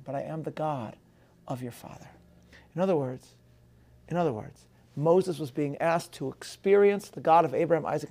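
A man giving a measured, scholarly lecture, reading out quotations and dropping in Hebrew phrases. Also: fairly high pitch, darkish tone. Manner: measured, scholarly, reads quotes aloud. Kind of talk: lecture on film and scripture.

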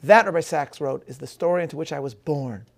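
A man giving a measured, scholarly lecture, reading out quotations and dropping in Hebrew phrases. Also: a little high, gravelly. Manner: measured, scholarly, reads quotes aloud. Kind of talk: lecture on film and scripture.

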